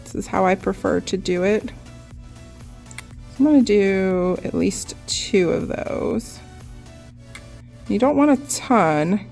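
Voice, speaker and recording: A young woman, a nail artist, giving a relaxed, chatty step-by-step nail art tutorial, often saying "like". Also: mid-range voice, slow, creaky, pauses often, soft background music.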